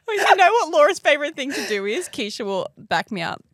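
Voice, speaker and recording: A woman's voice: high voice, a bit bright, dry recording, studio quality. A woman co-hosting a podcast in casual chat, blunt and teasing, often laughing. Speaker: podcast co-host.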